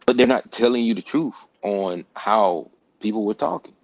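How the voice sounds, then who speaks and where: A low-voiced man with a gravelly, creaky edge talks emphatically in a casual group discussion. He repeats words for stress and drops slang and profanity. The sound is dry and close, with no room echo. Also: expressive, normal speed, dull audio. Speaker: podcast host.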